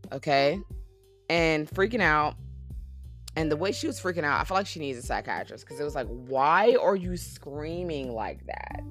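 Sassy, chatty woman with a low voice. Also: fairly bright tone. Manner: chatty, sassy, laughs often. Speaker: reality TV recap host. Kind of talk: casual chat recap.

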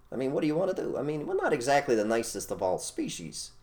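A man co-hosting an opinionated casual chat, blunt and animated, repeating his phrases for emphasis. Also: mid-range voice, fast, few pauses. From United States. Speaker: co-host.

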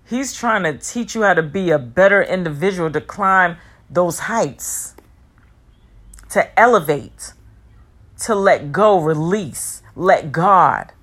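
A woman giving a heartfelt personal motivational talk, emphatic and repetitive, sometimes rushing her words. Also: on the low side, expressive, fairly bright tone. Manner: speeds up and slows down, talks fast at times.

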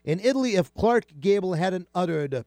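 A man hosting a casual radio talk show, chatty and animated, with many fillers and restarts. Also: high-pitched, normal speed, no echo, clean studio sound, soft background music.

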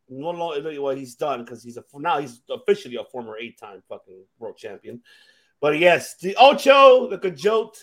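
Excitable male podcast co-host, high and very lively pitch, profane, fan energy. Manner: animated, excitable, swears freely. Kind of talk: casual wrestling chat.

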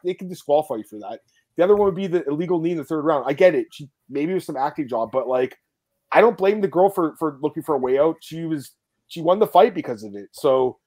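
Male podcast host, rapid-fire and opinionated, casual and profane. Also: medium pitch, darkish tone. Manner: blunt, swears freely, quick opinionated talk.

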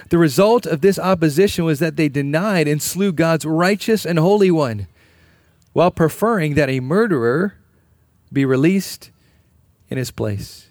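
A man's voice: on the high side, a little mellow, no echo, clean studio sound. A man preaching a sermon in an earnest, emphatic way, repeating key phrases. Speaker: pastor.

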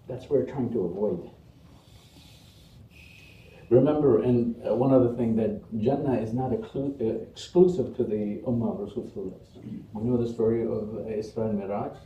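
A man preaches a Friday sermon, earnest and rhythmic, stacking phrase on phrase with rising emphasis. His voice carries from a distance through a roomy, echoing prayer hall, a little muffled on the recording. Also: medium pitch.

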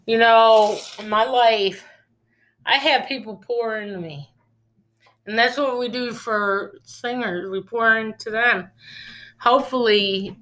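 Slow-talking earnest woman. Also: mid-range voice, a bit bright. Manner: earnest, rambling, repeats and restarts words. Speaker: podcast host. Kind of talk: casual faith-based monologue.

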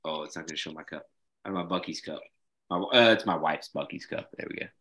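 A man's voice: rumbling low, quick pace, fairly bright tone. A young man hosting a casual business chat, swearing freely and saying "bro" and "like" constantly. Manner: swears often, says "bro" and "like" a lot. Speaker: bounce house business owner, podcast host.

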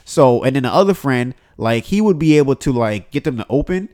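This is a man talking on his own podcast, rambling loosely with plenty of fillers and restarts. His pitch sits in an everyday middle range. He swears freely and slips into quoted voices to act out phone calls. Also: expressive, fairly quick, darkish tone. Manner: profane, uses many fillers and restarts. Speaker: podcast host. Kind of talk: solo podcast monologue.

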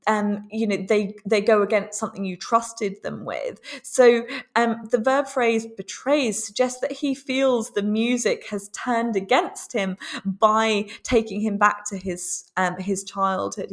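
Female teacher, recorded lesson, unhurried explanatory delivery, natural hesitations. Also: mid-range voice. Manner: measured, explanatory, with frequent ums.

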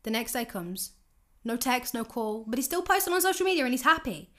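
A young woman telling a dating story and giving advice, acting out both sides of the conversations in a lively, candid way. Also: on the high side, a little fast. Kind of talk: casual storytelling monologue.

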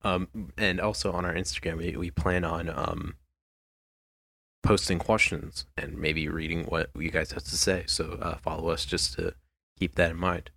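A man's voice: deep voice, little pitch movement, normal speed, vocal fry, sharp tone, dry recording. A teenage boy hosting a casual podcast with friends, musing aloud and asking lots of questions. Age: teens. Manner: musing, asks many questions. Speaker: podcast host. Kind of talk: casual chat.

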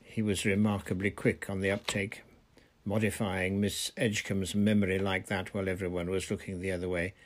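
Man narrating a storybook, lowish voice. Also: little pitch movement, brisk. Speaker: reader. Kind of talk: audiobook narration.

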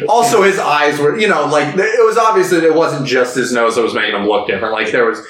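A man's voice: mid-range voice, quick pace, fairly bright tone, roomy sound, poor audio. A young man co-hosting a podcast, casually recapping a film scene by scene and acting out the characters' lines. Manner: retells scenes, acting out quotes. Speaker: podcast co-host.

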